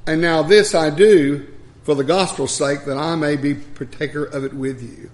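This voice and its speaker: An older man preaching a sermon, reading scripture and telling folksy stories about his life and his late wife, in a gravelly voice. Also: fairly high pitch, fairly even intonation, normal speed.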